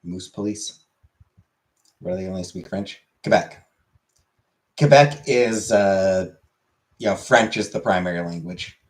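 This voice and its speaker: A man's voice: deep voice, takes it slowly, long pauses. A young man streaming and chatting casually with his viewers, rambling along with lots of fillers. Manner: relaxed, rambling with many fillers.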